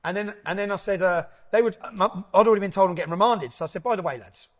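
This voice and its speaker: A man telling an animated anecdote in casual chat, swearing freely and laughing between lines. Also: sits high, racing. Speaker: podcast guest. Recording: dull lo-fi recording.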